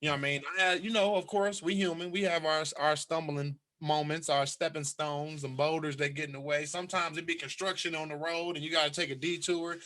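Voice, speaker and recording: Bright-voiced, lively man hosting a podcast. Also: on the high side, fairly quick, few pauses. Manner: animated, laughing, slangy. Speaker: podcast host. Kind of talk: casual podcast chat.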